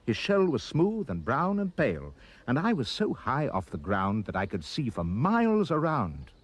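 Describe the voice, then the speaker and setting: A man reading a rhyming children's poem aloud with expressive, sing-song delivery. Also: medium pitch, moderate pace, husky. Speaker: reader.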